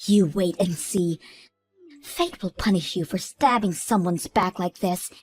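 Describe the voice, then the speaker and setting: A woman voicing a furious, jealous young woman who shouts accusations at her friend, in an animated story. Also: lowish voice, unhurried, slightly rough, soft background music.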